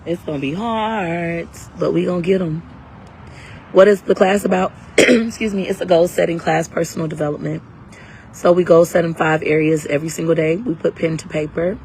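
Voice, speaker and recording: A woman's voice: lowish voice, steady tone, moderate pace, a little mellow, slight background noise, low-quality recording. A woman selling her class live on her phone outdoors, brash and hyped, talking in slang while a little under the weather. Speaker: live-stream seller and coach. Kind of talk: casual livestream sales talk.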